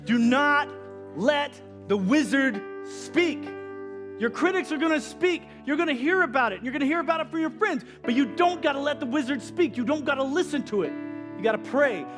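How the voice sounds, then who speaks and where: A man preaches with urgent, repetitive exhortation, driving each line home. His voice sits high for a man, and soft music plays faintly underneath. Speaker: pastor. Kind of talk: sermon.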